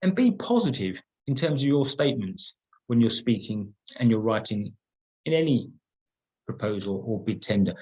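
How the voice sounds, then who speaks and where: A man's voice: medium pitch, big pitch swings, moderate pace, mellow, husky, poor audio. A middle-aged man leading an online training workshop, talking conversationally, repeating words and stressing key points. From England.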